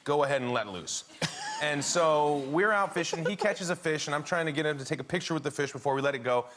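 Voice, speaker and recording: A man's voice: fairly high pitch, fast talker. A man as a chat show guest, telling a family anecdote with lots of laughter. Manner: laughing storyteller, animated. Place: TV studio with audience. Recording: studio audience laughter and noise.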